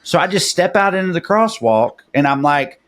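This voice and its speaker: A man tells a story on a podcast in a loose, rambling way. He fills the gaps with "like" and restarts, and his voice sits slightly higher than most men's. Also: moderate pace. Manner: rambling, many "like" fillers, animated retelling. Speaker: podcast co-host. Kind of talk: casual storytelling chat.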